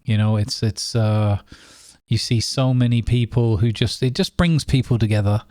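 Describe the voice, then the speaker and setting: A man's voice: mid-range voice, moderate pace, a little mellow, no room sound, studio quality. A man co-hosting a casual gaming podcast, rambling along with lots of fillers and restarts. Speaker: podcast co-host.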